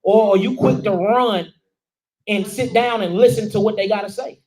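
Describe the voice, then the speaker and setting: A high-pitched man preaching with rising force, firing questions at the room. He talks in a casual, everyday dialect as he breaks down scripture line by line. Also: moderate pace, darkish tone, rough recording. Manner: calls out questions and answers to the room; informal dialect speech. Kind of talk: sermon teaching.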